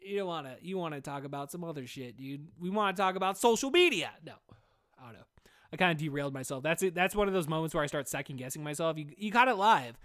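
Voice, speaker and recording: A man hosting a solo podcast, talking in a loose, rambling monologue. He swears constantly and keeps calling the listener "dude." His voice sits a little high for a man. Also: expressive, fast talker, fairly bright tone. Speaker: podcast host.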